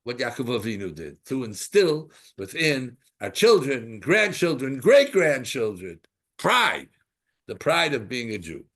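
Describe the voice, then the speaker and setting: Older male Torah teacher, very expressive, swinging pitch, rhetorical, storytelling, mid-range voice. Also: measured pace. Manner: animated, rhetorical questions, storytelling. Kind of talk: Torah class lecture.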